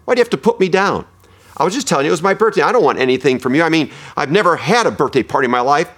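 A man's voice: on the high side, expressive, voice pushed up. A man voicing a lonely middle-aged woman who talks defensively in a raised voice. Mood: hurt. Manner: defensive, then halting and soft.

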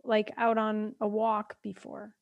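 A woman's voice: mid-range voice, completely flat delivery, creaky, dull audio. A woman coach co-hosting a casual podcast chat, thoughtful and affirming, recorded on a close mic. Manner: thoughtful, affirming, quick to agree.

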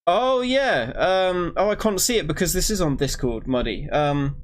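Brief: male co-host, casual and chatty, a touch higher-pitched. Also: moderate pace, a little hiss or hum. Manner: relaxed, chatty, reads chat questions. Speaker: stream co-host. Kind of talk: casual streaming chat.

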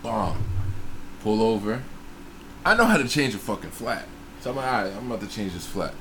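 A man with a fairly low voice talks a little fast as he casually tells a personal story in a group chat, over slight background noise. He swears freely and keeps things animated, acting out the voices of the people he quotes.

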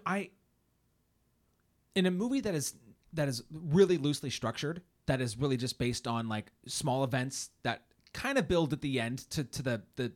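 Guy in his 30s rambling about movies on a podcast, lots of restarts and ums, pitch bounces around a lot. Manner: halting, many restarts and fillers, laughs often. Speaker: podcast co-host. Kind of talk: casual film discussion podcast. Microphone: home studio mic, typing nearby.

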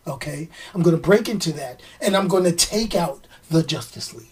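A man's voice: a little high, expressive, brisk, far from the mic, pitched below the performer's own voice, lightly acted. A man putting on a boastful, repetitive impression of a famous politician while playing a comic-book villain. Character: blustering Trump-style villain impression.

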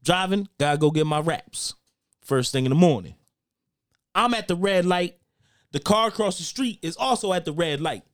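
Young guy on a podcast, high voice all over the place, swearing and getting loud. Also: moderate pace. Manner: animated storytelling, swears a lot, gets loud when riled. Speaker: podcast co-host. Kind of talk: casual chat.

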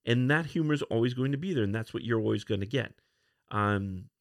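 A man's voice: fairly low pitch, lively intonation, moderate pace, creaky, dry recording, studio quality. A man hosting a casual solo podcast, rambling through a comic review with many restarts and fillers. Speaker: podcast host.

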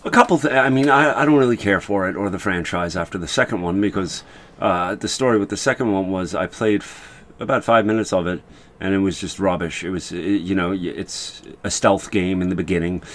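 A man's voice: sits low, a little fast, a bit bright. A man co-hosting a casual gaming podcast, giving blunt, dismissive opinions with stammered restarts. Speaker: podcast co-host.

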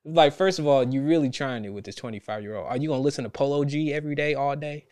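A young man, a podcast host telling a story in casual chat, animated and laughing often. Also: a little high, fast. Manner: animated, laughs a lot, acts out quotes.

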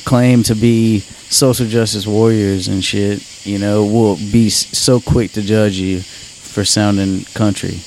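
A man's voice: fairly low pitch, fairly even intonation, takes it slowly, a little mellow, slight background noise, low-quality recording. A man with a Central Louisiana drawl, talking casually and emphatically, swearing freely and rambling as he makes his point. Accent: Central Louisiana Southern drawl. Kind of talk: casual chat.

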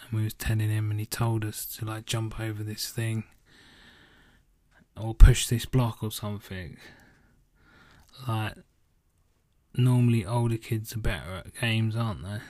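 A man's voice: on the low side, steady tone, measured pace, pauses often, a little mellow, no room sound. A young man, a tired podcast host rambling casually and swearing as he answers listener questions. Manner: rambling, sweary, laid-back. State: yawning, tired. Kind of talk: casual solo podcast chat.

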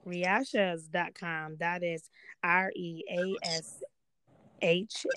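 A woman's voice: fairly low pitch, steady tone, extremely slow, fairly bright tone, clean tone, no room sound. A woman hosting a casual podcast, chatty and repeating herself for emphasis as she talks straight to her listeners. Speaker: podcast host.

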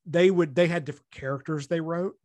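A man chats on a podcast, rambling through stories with plenty of "like" and "you know". His voice sits a bit high for a man and sounds dry and close. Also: fairly even intonation, fairly quick, a little mellow, no echo. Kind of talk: casual podcast conversation.

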